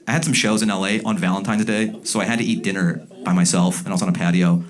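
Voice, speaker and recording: A man doing a stand-up comedy set, animated and jumping into loud, shouted character bits. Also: lowish voice, racing, hardly any pauses, a crowd in the background. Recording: live comedy club with audience laughter.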